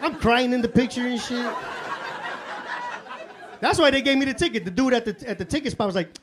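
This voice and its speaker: A man doing live stand-up comedy in a club, telling stories in a profane, excitable way. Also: very high voice, fairly quick. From Chicago. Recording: live club with audience laughter. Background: crowd laughter and room noise.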